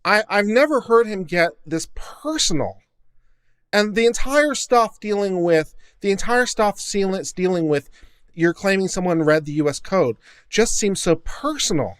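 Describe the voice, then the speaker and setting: A man's voice: sits high, lively intonation, measured pace, a bit bright, smooth. A man hosting a reaction show, giving casual commentary in a sarcastic, incredulous rant. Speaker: host reacting to court audio.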